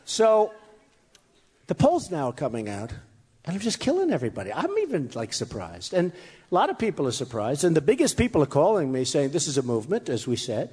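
A man's voice: fairly high pitch, huge pitch swings, fairly quick, darkish tone, breathy edge. A man giving an off-the-cuff campaign speech to a rally audience, boastful and rambling, repeating his phrases and mocking his critics. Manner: mocks his critics in quoted voices. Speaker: political candidate addressing a rally. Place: hot crowded room with an audience. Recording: echoey hall, faint crowd.

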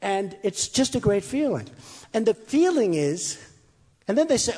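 Boasting and rambling to a rally crowd, a man speaks at a measured pace in a high, dark-toned voice with big pitch swings. The off-the-cuff campaign speech repeats phrases and mocks critics in quoted voices, recorded in an echoey hot room with a faint crowd.

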